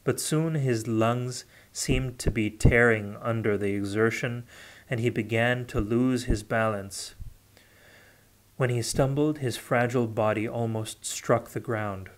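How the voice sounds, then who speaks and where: A man reading a fantasy novel aloud unrehearsed, steady with occasional self-corrections. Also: mid-range voice, unhurried. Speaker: audiobook reader. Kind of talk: unrehearsed audiobook narration.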